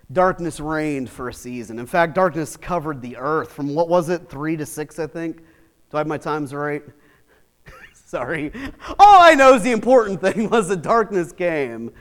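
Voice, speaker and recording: A middle-aged man preaching in a high voice, telling stories in a lively, chatty way. He swings from easy, casual asides into animated retellings, keeping the sermon conversational. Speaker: pastor.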